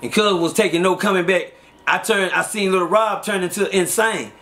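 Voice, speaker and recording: A middle-aged man, telling street stories in a loose, animated way, acting out quotes and laughing often. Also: high-pitched, moderate pace. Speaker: interview guest. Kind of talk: casual street storytelling.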